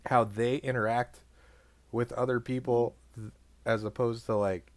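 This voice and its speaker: A young man co-hosting a podcast, talking casually in a rambling way, full of "like" and quick laughs. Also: medium pitch, flat delivery, no room sound. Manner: rambling, lots of "like", laughs often. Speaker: podcast co-host. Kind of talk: casual chat.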